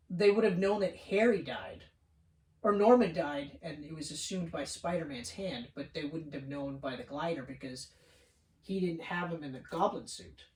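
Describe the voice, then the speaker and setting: An animated man co-hosting a casual film review podcast, cursing often and slipping into quoted voices as he retells scenes. He sits well back from the microphone, and the room around him rings with echo. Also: a little high. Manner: excited, profane, acts out scenes in quoted voices. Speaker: podcast co-host. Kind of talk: casual movie review chat. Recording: roomy room, far from mic.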